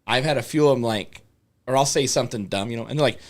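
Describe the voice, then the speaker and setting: A man's voice: medium pitch, fast. A man in casual podcast chat, telling stories animatedly, swearing and acting out what people said. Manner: animated, swears a lot, acts out quotes.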